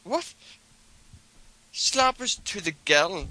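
A man putting on a high, pushy caller voice. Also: expressive, drawn-out words, sharp tone, husky, full character voice, poor audio. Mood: demanding. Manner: stammering, demanding.

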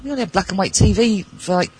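A woman's voice: mid-range voice, quick pace, a little mellow, husky, low-quality recording. A middle-aged woman calling in over Skype, chatting and joking about herself. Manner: chatty, self-mocking, giggly. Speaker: caller. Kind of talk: casual phone-in chat. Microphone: Skype call.

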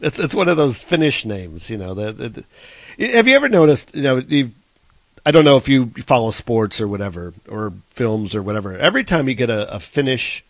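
A man's voice: mid-range voice, very animated, brisk, no echo. Flustered man hosting a call-in show. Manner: flustered, apologetic, laughs often. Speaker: host of a call-in web show. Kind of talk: casual call-in chat over Skype.

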